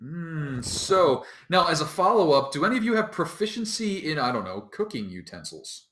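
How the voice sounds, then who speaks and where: A man narrating as dungeon master of a tabletop game, relaxed and rambling, often breaking into laughter. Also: a little high, moderate pace, reverberant.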